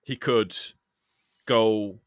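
A man's voice: lowish voice, extremely slow. A man, a professional driver from England, explaining a road incident in casual chat with many stammered restarts.

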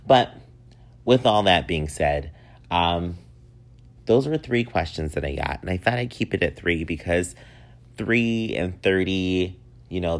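Chatty man with a very low voice. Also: vocal fry. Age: 30s. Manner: chatty and rambling, laughs often. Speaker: podcast host. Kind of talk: casual solo podcast monologue.

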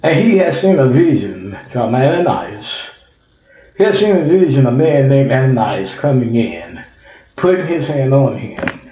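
A man's voice: mid-range voice, sing-song, unhurried, dark tone, a little hiss or hum. A man preaching a sermon, reading scripture aloud and often repeating and correcting himself. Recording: echoey room.

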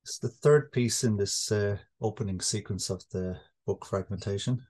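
A man reading his poetry aloud at a live event, slow and measured. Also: lowish voice, a little mellow, breathy edge. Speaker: poet.

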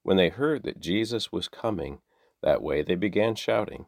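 A man reading the daily Bible passages aloud in a measured, steady way. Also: deep voice, creaky, no echo, clean studio sound. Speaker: Bible reader.

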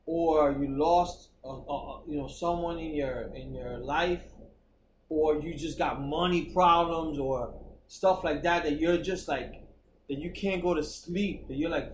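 A man's voice: a little high, unhurried. A man co-hosting a podcast in casual, profane chat, acting out his own thoughts in a raised voice. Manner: profane, acts out quotes in a raised voice. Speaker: podcast co-host. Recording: echoey room with noise.

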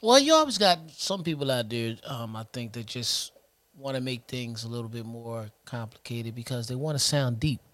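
A man's voice: mid-range voice, expressive, moderate pace, a bit bright. A man in his forties co-hosting a podcast, casual and playful, singing his intros. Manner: laid-back, playful, sing-song intros. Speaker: podcast co-host. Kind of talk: casual chat.

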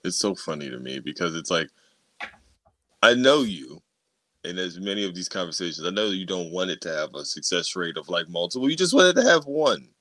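A man co-hosting a casual podcast, reacting to his co-host in an animated, chatty way. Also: low voice, brisk, dry recording. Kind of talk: casual chat.

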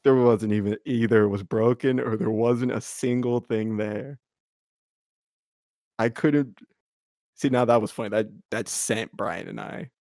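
Gravelly young man telling a rambling story. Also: medium pitch, steady tone, a little slow, a little mellow, no echo, studio quality. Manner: rambling, full of "like", breaks into laughter. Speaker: podcast co-host. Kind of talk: casual storytelling chat.

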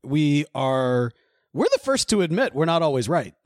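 A man's voice: fairly high pitch, very animated, moderate pace, no room sound, clean studio sound. A man co-hosting a podcast in casual, playful banter, often laughing. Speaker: podcast co-host. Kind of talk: casual chat.

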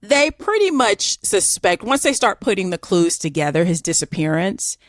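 A woman with a Southern US accent, co-hosting a podcast and telling a story in a chatty, animated way with many fillers. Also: medium pitch, normal speed, no room sound, clean studio sound. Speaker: podcast co-host. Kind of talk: casual storytelling chat.

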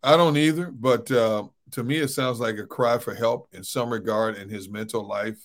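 Animated male sports talk co-host. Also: mid-range voice, moderate pace. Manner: animated, folksy, says "man" often. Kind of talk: casual sports radio chat.

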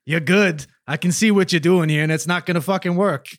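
A man's voice: high-pitched, brisk, no echo, studio quality, close to an everyday voice. A man voicing a defensive, swearing, streetwise male witness with a South Jersey accent. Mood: cagey. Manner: swearing, tough-guy slang, cagey.

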